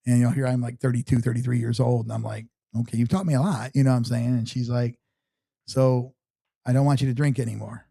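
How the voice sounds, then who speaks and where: A middle-aged man, an interview guest, telling a personal story in a casual, halting way full of restarts and fillers. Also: mid-range voice, little pitch movement, creaky, dark tone, no echo, clean studio sound.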